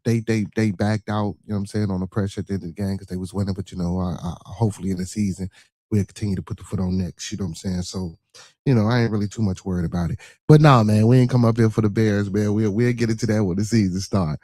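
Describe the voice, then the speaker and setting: Casual young male podcast host, lowish mellow voice, rambling and repetitive. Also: steady tone, fast, no echo. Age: 20s. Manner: laid-back, rambling, repeats phrases and shout-outs. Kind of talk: casual livestream podcast talk.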